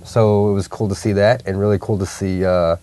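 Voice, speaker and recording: A man co-hosting a casual TV recap podcast, rambling and halting, laughing mid-sentence. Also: fairly low pitch, steady tone, warm tone, no echo. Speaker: co-host.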